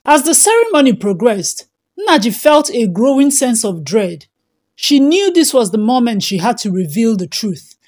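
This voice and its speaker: Woman, storyteller, scripted folktale narration, dramatic, animated pitch. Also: moderate pace.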